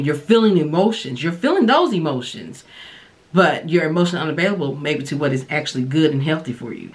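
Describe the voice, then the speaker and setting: A woman hosting a podcast, giving casual, candid dating advice and sharing her own experience in a relaxed, colloquial way. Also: low voice. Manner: relaxed colloquial delivery with frequent fillers. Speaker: podcast host and dating coach.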